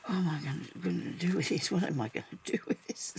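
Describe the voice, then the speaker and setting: A woman's voice: on the low side, quick pace, gravelly, slight background noise. A woman vlogging as she crafts, chatting casually and thinking aloud, laughing often at herself.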